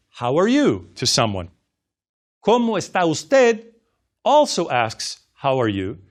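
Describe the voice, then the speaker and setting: A man teaching a language lesson in a scripted narration, speaking slowly with careful, exaggerated enunciation for repeat-after-me drills. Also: fairly high pitch.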